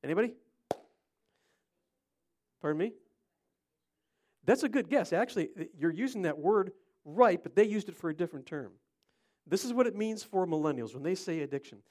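Lively, chatty preacher man from Ohio. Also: sits high, moderate pace, long pauses. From Cleveland, Ohio. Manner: animated, chatty, quizzes listeners by name. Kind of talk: interactive sermon to a congregation.

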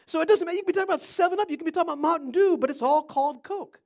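His voice is very high and a touch mellow, and he races along as he preaches. The middle-aged Ohioan, from Cleveland, keeps his sermon interactive by chatting with listeners and quizzing them by name.

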